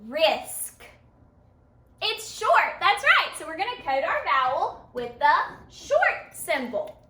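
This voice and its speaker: A high, bright woman's voice leads a children's phonics lesson at an unhurried pace, stretching words out sound by sound. She praises the children often. The room is echoey and she sits a little off the mic. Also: sing-song, recorded from a distance. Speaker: phonics teacher. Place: room with a board.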